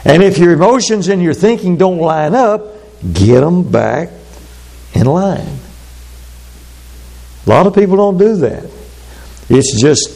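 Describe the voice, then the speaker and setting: A man preaching a sermon, speaking slowly and deliberately, then breaking into quick asides. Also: a little high, very animated, creaky, a little mellow. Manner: measured, drawn-out delivery with sudden fast asides.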